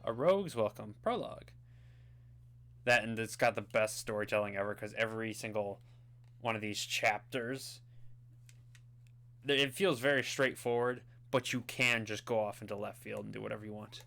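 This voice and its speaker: A gaming video host gives casual let's-play commentary while playing a video game, chatty, rambling and self-amused. His voice is fairly low and creaky with a sharp tone. He delivers it flatly at a moderate pace.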